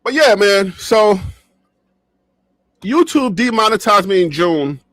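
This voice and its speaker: A man's voice: sits high, lively intonation, slow, fairly bright tone, no echo, studio quality. A man vlogging for his sports channel, talking casually and animatedly to his viewers, joking, laughing often and repeating himself as he vents. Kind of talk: casual talk to camera. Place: his own studio.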